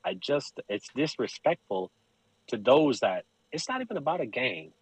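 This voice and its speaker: A man, a podcast guest telling stories in casual chat, animated and profane, laughing often. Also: mid-range voice, moderate pace, slightly rough, dry recording, low-quality recording.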